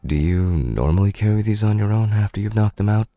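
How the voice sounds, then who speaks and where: A man voicing a gruff, teasing male Drake partner in a video game, with a dry, blunt manner. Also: fairly low pitch, a little fast, dark tone, faint music behind, lightly acted.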